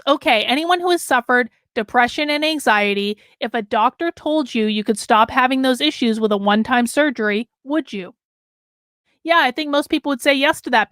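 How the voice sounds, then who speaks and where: A woman's voice: sits high, a bit bright, no echo, studio quality. A woman hosting a live commentary stream, emphatic and losing her voice, reading out and answering chat. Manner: emphatic, talks with her hands. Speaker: host.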